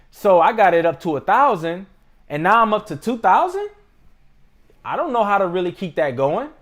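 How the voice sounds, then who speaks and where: A young man hosting a trading channel, telling a story to camera in a relaxed, slangy, casual way from a room indoors. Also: on the high side. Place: indoor room with adjustable lighting.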